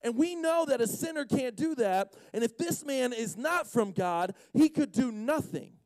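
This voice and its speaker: A man giving a casual, storytelling sermon, animated and slangy, acting out the characters as he retells the story. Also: very high voice, moderate pace, no room sound. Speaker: speaker at a Friday night session.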